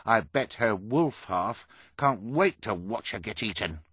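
Narrator doing a pushy loud carnival dude, high and bossy, dry sound. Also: male voice, expressive, measured pace, breathy edge, no echo, heavily acted. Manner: blunt, demanding.

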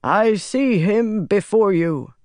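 A narrator voicing a grave man who intones a prophecy in a raised, measured voice. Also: medium pitch, lively intonation, a little mellow, no echo, studio quality, pitched above the performer's own voice. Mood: solemn.

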